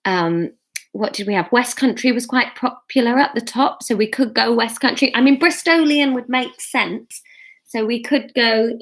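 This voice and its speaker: A woman's voice: on the high side, animated, moderate pace. A woman reading a story chapter aloud, breaking off for giggly, self-mocking asides.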